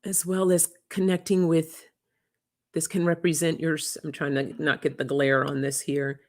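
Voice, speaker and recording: A woman giving a live oracle card reading in a gentle, emotional, reflective way, often laughing softly. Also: sits low, steady tone, a little slow.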